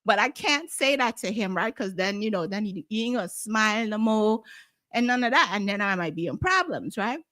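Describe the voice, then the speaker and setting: A woman's voice: medium pitch, a little fast, no echo, studio quality. A woman with a Guyanese accent, telling a story in casual talk and acting out the voices of the people in it. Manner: animated, acts out quoted voices. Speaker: guest.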